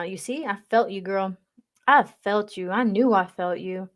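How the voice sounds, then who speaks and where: A woman's voice: medium pitch, moderate pace. Chatty woman on a livestream. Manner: chatty, teasing, reads comments aloud. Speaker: livestream reader. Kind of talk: casual livestream chat with viewers.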